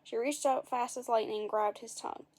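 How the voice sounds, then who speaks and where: A woman reading a chapter book aloud to her listeners. She breaks off now and then for playful asides, and her voice sits a little high for a woman. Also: steady tone, brisk, darkish tone. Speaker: storyteller.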